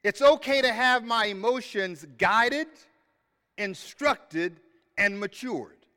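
A man preaching a sermon in a reverberant hall, his voice sitting high and sounding bright. He speaks slowly and earnestly, repeating key phrases and acting out the voices he quotes. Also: animated. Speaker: pastor.

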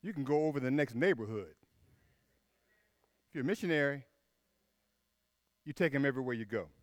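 A man preaching a sermon, emphatic and repeating his key phrases, dropping to a hush on the final words. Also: medium pitch, lively intonation, a little fast, no echo, clean studio sound.

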